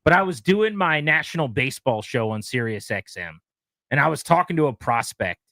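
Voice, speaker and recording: A man hosting a sports radio show, talking in a casual, animated way and often mimicking other people. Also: mid-range voice, fairly quick, no echo.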